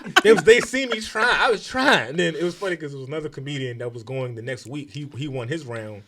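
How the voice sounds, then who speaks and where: Fast, animated Baltimore man telling stories. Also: a little high, noisy background. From Baltimore, USA. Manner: profane, animated storytelling with acted-out quotes. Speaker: comedian guest. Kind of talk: casual podcast storytelling.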